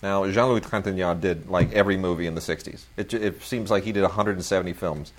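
Enthusiastic low-voiced man chatting films. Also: fast talker. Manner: enthusiastic, rambling, lots of fillers. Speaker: film podcast co-host. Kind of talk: casual chat about new film releases.

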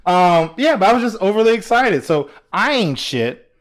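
A man's voice: high-pitched, moderate pace. A man co-hosting a podcast, telling stories in casual chat, acting out quotes, swearing and laughing often. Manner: animated storyteller who acts out quotes, swears, laughs often. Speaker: podcast co-host.

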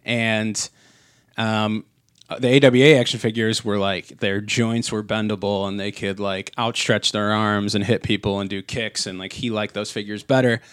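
A man's voice: lowish voice, steady tone, normal speed, a bit bright, clean tone, dry recording. A man co-hosting a podcast in casual chat, rambling with many fillers and restarts on a close mic. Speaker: podcast co-host.

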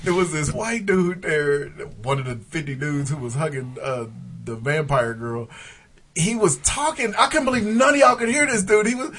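A man's voice: fairly high pitch, normal speed. A man co-hosting a podcast, telling stories in loose casual chat and mimicking voices. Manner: animated storyteller, mimics voices, laughs a lot. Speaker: podcast co-host.

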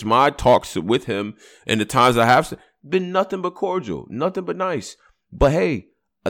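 A man co-hosting a casual podcast chat, talking emphatically with frequent swearing. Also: on the high side. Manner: animated, emphatic, swears freely.

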